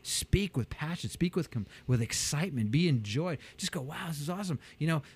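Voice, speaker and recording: An energetic man talks as a coach in an interview, his slightly high voice leaping around constantly. He acts out little scenes in other people's voices, jumping far up in pitch for emphasis. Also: brisk, husky. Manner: energetic, acts out quotes with big pitch jumps. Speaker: guest, business coach. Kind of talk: animated interview talk.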